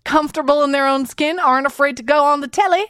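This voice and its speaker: Jokey high-voiced woman podcast host. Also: fast talker, no echo, studio quality. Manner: animated, jokey, sarcastic. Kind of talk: comedic podcast monologue.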